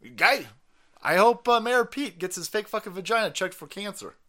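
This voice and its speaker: Give me a male streamer doing a sarcastic, profane rant with a very lively, up-and-down pitch. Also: normal speed. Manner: sarcastic, mocking, swings into loud outbursts. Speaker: livestream commentator.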